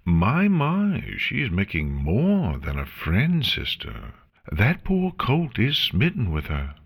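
A man's voice: fairly low pitch, huge pitch swings, slow, husky, pitched above the performer's own voice, heavily acted. A man voicing a formal, remorseful pony princess of the night in a fan fiction reading, speaking in an earnest, emotional way.

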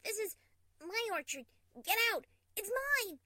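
A woman voicing a gentle, lonely adult mare pony in a storybook reading, speaking softly and tenderly. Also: lively intonation, unhurried. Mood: frantic shouting. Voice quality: soft and tender, then shrill shouting.

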